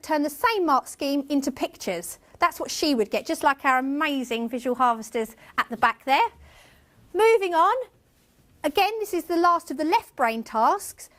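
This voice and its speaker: A woman's voice: high-pitched, a bit bright. A woman teacher presenting a workshop to a room of colleagues, chatty and self-mocking. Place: conference room with tables.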